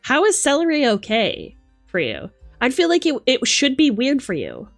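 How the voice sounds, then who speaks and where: A young woman streamer chatting casually with her viewers, animated, laughing and swearing freely. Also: high-pitched, normal speed, soft background music. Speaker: livestreamer.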